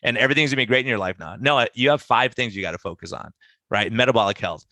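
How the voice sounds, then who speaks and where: Fast-talking, bright-voiced male physician. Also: medium pitch, no echo. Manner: animated, acts out patient conversations in quotes. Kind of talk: casual podcast discussion.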